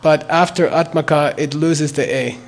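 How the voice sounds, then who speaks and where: A man's voice: fairly high pitch, fairly even intonation. An older man teaching the sounds and meaning of a mantra, spelling words out and checking in with "okay?" after each point. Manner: slow and deliberate, repeats words and checks with "okay?".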